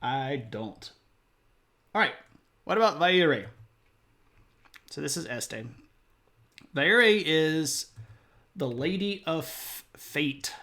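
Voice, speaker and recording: Guy on a live stream chatting with chat, slow and easygoing, voice bounces up and down a lot, teasing himself. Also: fairly high pitch, expressive, bright, forceful tone. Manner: playful and self-mocking. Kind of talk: casual chat reading viewer comments.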